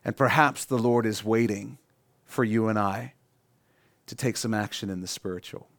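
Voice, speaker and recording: Male pastor, middle-aged, sermon, animated preaching, dry close sound. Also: fairly low pitch, moderate pace, no echo. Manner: animated, rising to emphatic peaks and dropping to quiet asides.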